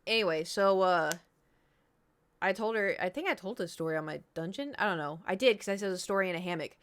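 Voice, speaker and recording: A woman's voice: medium pitch, a little fast, a bit bright, smooth. A woman, chatting casually on stream and telling a rambling story full of fillers and quoted voices. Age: 30s.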